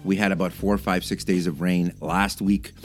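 A man from Canada hosts a casual solo podcast, his voice sitting fairly low. He rambles loosely, piling on fillers and restarting sentences. Faint music plays under him. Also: level tone, moderate pace. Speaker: podcast host.

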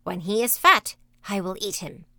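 A woman's voice: medium pitch, big pitch swings, moderate pace, fairly bright tone, no room sound, clean studio sound. A woman voicing a cruel, mocking old female witch in a storybook reading, speaking in a commanding, menacing way.

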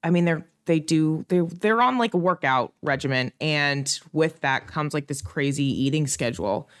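A woman in her late twenties co-hosting a podcast, telling stories in an animated way with frequent laughter and casual swearing. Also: sits low, normal speed, smooth. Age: late 20s. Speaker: podcast co-host. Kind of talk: casual chat.

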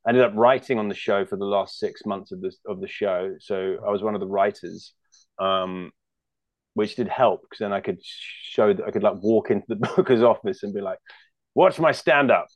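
A man's voice: on the low side, steady tone, normal speed, darkish tone, no echo. A man with a British accent, a guest comedian chatting casually, rambling and joking with many restarts. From United Kingdom. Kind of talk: casual chat.

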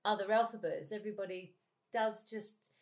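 A woman's voice: mid-range voice, moderate pace. Gushing female interview guest. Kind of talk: casual chat.

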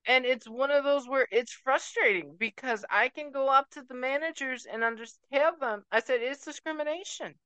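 A woman's voice: high-pitched, normal speed, few pauses, a bit bright, smooth, no echo, low-quality recording. A woman from Puerto Rico ranting emphatically to camera as a vlogger, dropping Spanish words into her talk. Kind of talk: emotional rant to camera.

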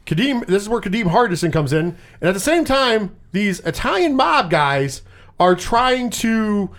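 Guy hosting a movie podcast, high animated voice, swears a lot, does little voices. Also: moderate pace. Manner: animated, profane, quotes scenes in put-on voices. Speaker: podcast host. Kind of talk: casual movie review chat.

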